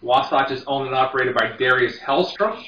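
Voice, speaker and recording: A man narrating a tabletop game as game master, in a relaxed and halting way, recorded from a distance in an echoey room. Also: mid-range voice, lo-fi sound, a little hiss or hum.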